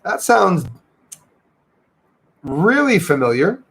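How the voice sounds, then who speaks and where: A livestream host chats casually from home in Canada near the Michigan border, greeting viewers, reading their comments, and occasionally switching to French. He has a gravelly, fairly bright medium-pitched voice that is expressive and measured, with frequent pauses.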